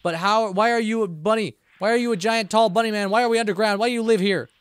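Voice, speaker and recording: A man streams gameplay live in a high, clear, resonant voice, talking fast on a dry recording. He jokes around, answers the game's characters playfully, and rambles aloud to himself, often restarting his sentences.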